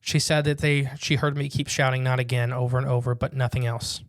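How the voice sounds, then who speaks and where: A man at a middling pitch reads a listener's strange story aloud for a podcast. He rushes through the text and stops to drop wry jokes and comments. His voice is dry and close to the mic. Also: level tone, no room sound. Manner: reads quickly with asides and jokes. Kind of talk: casual podcast chat, reading a submission aloud.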